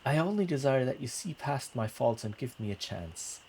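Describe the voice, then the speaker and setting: A man voicing a bumbling, lovestruck young male bard who stammers and talks in a higher, flustered voice. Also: animated, moderate pace, a little mellow, slight background noise, close to an everyday voice. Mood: pleading.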